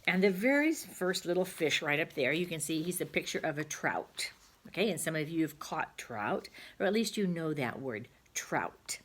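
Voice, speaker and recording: A woman's voice: deep voice, sing-song, normal speed. A woman teaching a phonics lesson to young children, patiently sounding out words aloud.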